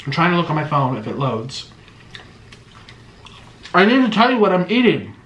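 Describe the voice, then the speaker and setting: A man's voice: a little high, normal speed, a little hiss or hum. A man hosting a casual eating vlog, gushing and exclaiming over each bite. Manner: excitable, gushing, full of exclamations. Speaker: mukbang host. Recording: roomy echo.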